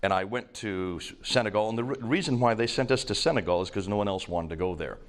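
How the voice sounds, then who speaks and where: Older American-accented man, low voice. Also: quick pace. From India. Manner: emphatic, conversational storytelling with fillers. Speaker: speaker at a seminar. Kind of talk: lecture to a live audience.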